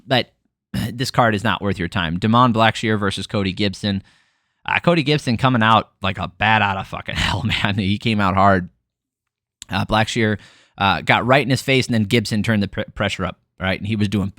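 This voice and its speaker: A man with a fairly low voice runs through fight results in a casual, blunt recap. He swears freely and scatters fillers through his talk. The sound is dry and close, with no room around it. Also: a bit bright, no room sound. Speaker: MMA podcast host.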